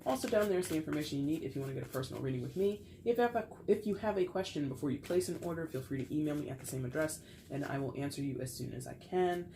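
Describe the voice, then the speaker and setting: A woman's voice: low-pitched, lively intonation, racing, vocal fry, few pauses, noisy background. A woman giving a casual tarot reading to camera, chatty and playful with frequent laughter, while getting over a cold. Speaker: tarot reader.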